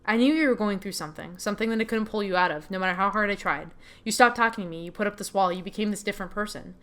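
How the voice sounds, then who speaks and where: A woman voicing a tender, forgiving young girlfriend, reading game dialogue softly and earnestly. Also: mid-range voice, rapid-fire, close to an everyday voice.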